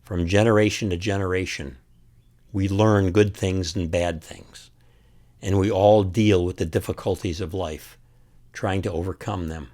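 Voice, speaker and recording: A man's voice: deep voice, steady tone, unhurried, darkish tone. A man speaking earnestly and from the heart as an author and host, reflecting on a film scene. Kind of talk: reflective commentary to camera.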